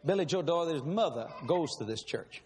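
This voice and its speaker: A high-pitched man preaching, his story delivered with big emphasis and frequent laughter. His voice rings with a long hall reverb, over a faint background hiss. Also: lively intonation, moderate pace, darkish tone. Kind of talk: sermon testimony storytelling.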